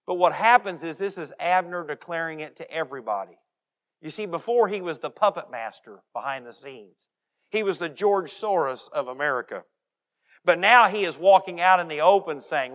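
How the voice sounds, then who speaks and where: A male pastor preaching a sermon, animated, and often acting out the voices of the people he quotes. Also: on the high side, normal speed. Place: church.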